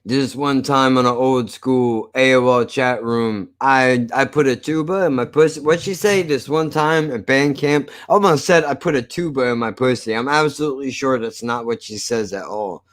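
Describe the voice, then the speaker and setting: A man's voice: mid-range voice, normal speed, few pauses, a bit bright. A man chatting casually on a live stream. He jokes, swears a lot and laughs often. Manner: profane, joking, laughs often.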